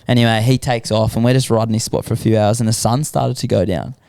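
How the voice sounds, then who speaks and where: Aussie bloke spinning a yarn on a podcast, smooth clear voice, really dry close sound. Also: male voice, on the low side, fast, no echo. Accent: Australian. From Australia. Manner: laid-back, animated when quoting people. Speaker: guest. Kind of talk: casual storytelling.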